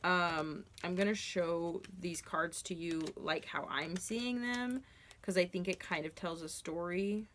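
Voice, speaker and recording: A woman with a slightly low voice gives a casual tarot reading. She talks straight to her listener in an earnest, reassuring way. Her sentences loop back and restart, full of fillers. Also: unhurried, a bit bright, a little hiss or hum. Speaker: tarot reader.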